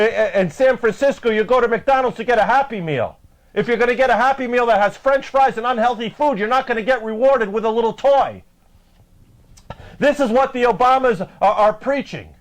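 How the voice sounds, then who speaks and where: A man's voice: very high-pitched, rough recording. A man hosting a live web show, ranting indignantly about politics with frequent stammered fillers. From United States.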